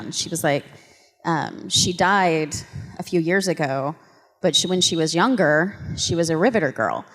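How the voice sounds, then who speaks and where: A woman on a convention panel, telling a story with lively, laughing energy and acting out the quotes. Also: sits low. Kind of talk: animated storytelling to an audience. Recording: reverberant convention hall.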